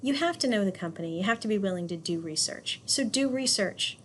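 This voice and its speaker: A woman's voice: medium pitch, animated, fairly quick, a little hiss or hum. A woman teaching a class, talking directly and emphatically, with asides. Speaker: instructor. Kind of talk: classroom lecture.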